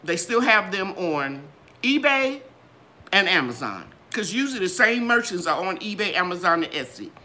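An older woman hosting a gardening channel, chatting in a live Q and A with a lively, sing-song delivery. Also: moderate pace. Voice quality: bright, trained singer's voice. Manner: animated, sing-song ups and downs in pitch. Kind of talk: live Q and A chat.

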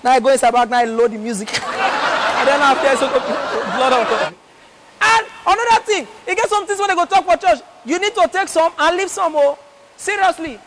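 A man's voice: extremely high pitch, a little fast, gravelly. A young man with a Nigerian Pidgin accent doing chatty, teasing live stand-up comedy, telling stories. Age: young adult. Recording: loud live crowd and noisy venue.

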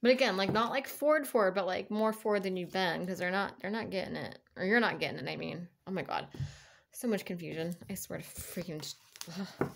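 A woman's voice: medium pitch, fairly quick, vocal fry, a little hiss or hum. A woman giving a casual tarot reading, chatty and encouraging, rambling with lots of fillers and restarts. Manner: chatty and encouraging, laughs between thoughts. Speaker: tarot card reader.

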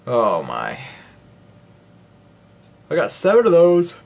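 A man's voice: on the high side, wildly swooping pitch, slow pace, vocal fry, a little mellow. Man rambling jokily over gameplay. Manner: rambling, jokey self-talk; breaks into playful singing. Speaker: gaming video host. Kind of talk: casual let's-play commentary.

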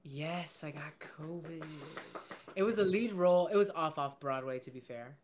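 A young man from the Bronx with a New York accent chats as a podcast guest. His voice sits a little high, and he talks in an upbeat, slangy, enthusiastic way. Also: normal speed, slight background noise. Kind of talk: casual chat.

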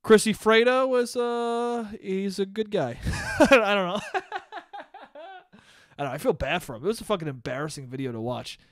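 Here a man with a high-pitched voice talks at normal speed but pauses often, in a dry recording. It's his casual solo podcast, full of animated ranting, frequent laughs, and free swearing.

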